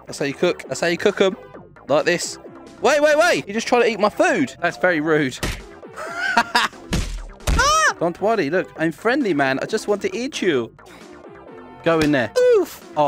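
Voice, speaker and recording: A young man hosts a gaming video in a brisk, animated voice on the high side, with music playing behind him. He giggles, teases the players, and laughs often as he gives playful commentary on his gameplay.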